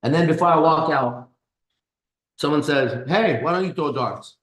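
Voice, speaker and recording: A man with a somewhat high voice talks casually and boastfully, swearing freely. He drops into low mutters, then bursts out loudly. The room around him is echoey and hard. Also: moderate pace. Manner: boastful, profane, swings between low mutters and loud bursts. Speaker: pickup coach host. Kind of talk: casual live stream chat. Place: kitchen.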